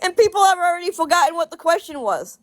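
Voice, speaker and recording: In a dry recording, a woman speaks quickly in an extremely high, very animated voice. The social media commentator rants on her vlog bluntly and profanely, laughing as she repeats her points for emphasis.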